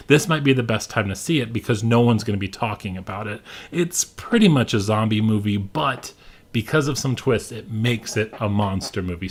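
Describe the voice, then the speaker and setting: A young man hosting a casual movie countdown, enthusiastic and repeating his praise often. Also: mid-range voice. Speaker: host.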